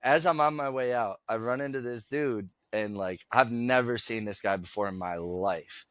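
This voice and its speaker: A man's voice: medium pitch, normal speed, no echo, studio quality. A middle-aged man, co-hosting a podcast, tells a rambling story in casual chat and acts out both sides of the conversation. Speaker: podcast co-host.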